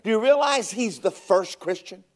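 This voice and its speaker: A man preaching a sermon as pastor, telling stories with animated delivery that rises to shouting at its peaks. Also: sits high, normal speed.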